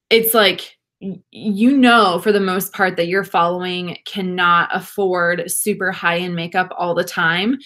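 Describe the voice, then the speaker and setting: A young woman, chatting warmly and gushing to viewers during a casual livestream makeup session. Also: mid-range voice. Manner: bubbly, gushing, laughs often, talks to viewers. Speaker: beauty vlogger.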